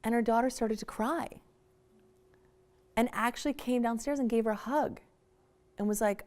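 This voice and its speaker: Animated woman giving a parenting talk. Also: on the high side, normal speed, long pauses. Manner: animated and emphatic, acts out quotes. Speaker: parenting workshop speaker. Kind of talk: public talk.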